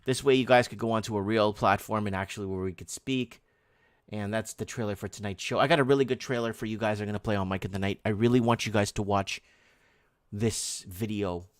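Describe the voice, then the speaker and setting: A man's voice: fairly low pitch, steady tone, fairly quick, no room sound, clean studio sound. Rambling, sarcastic man hosting a live stream. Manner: rambling, conspiratorial, sarcastic, full of restarts; reads headlines and chat messages aloud. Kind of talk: casual live-stream chat.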